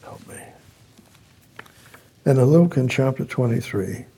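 Slow gravelly-voiced preacher man. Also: medium pitch, expressive, warm tone. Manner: slow, repeating phrases, reading scripture aloud. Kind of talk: sermon.

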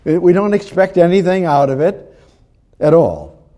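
A man preaching a sermon in an animated, rambling way, often restarting his sentences. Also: high-pitched, moderate pace.

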